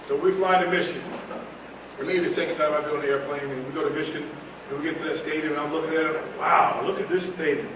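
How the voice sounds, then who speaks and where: Brief: keynote speaker, man from North Carolina, animated storyteller in a roomy hall with faint background noise. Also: a little high, rapid-fire. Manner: animated, humorous, acts out scenes. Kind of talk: storytelling speech. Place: large hall at a reunion event. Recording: echoey hall, mic far off.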